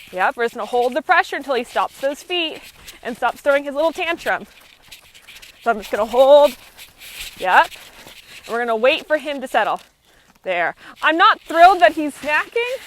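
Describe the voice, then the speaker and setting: A woman horse trainer working a horse outdoors, explaining each step in a calm, steady, instructive way. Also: high voice, slight background noise. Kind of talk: live training commentary.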